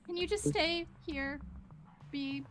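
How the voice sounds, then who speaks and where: A woman's voice: sits high, takes it slowly, noisy background, voice pushed up. Woman doing a fretful tearful mother. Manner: fretful, rambling, apologetic. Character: anxious tearful mother of a teen girl.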